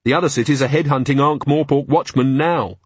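A man's voice: mid-range voice, a little fast, slightly rough, dry recording, voice pushed up, natural voice. A man voicing a sardonic young female watch officer who talks in a dry, sarcastic way.

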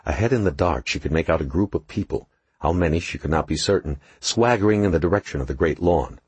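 A man narrating an audiobook in an expressive, measured storytelling manner. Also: low voice, husky, dry recording. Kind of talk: scripted narration.

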